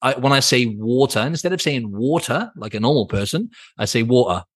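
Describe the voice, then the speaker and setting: A British man hosts his fitness podcast on his own. He talks in a chatty, upbeat way and keeps checking in with a quick "right?". His voice sits at an ordinary middle pitch. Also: lively intonation, fairly bright tone, breathy edge. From Britain. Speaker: podcast host and fitness coach. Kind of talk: solo podcast talk.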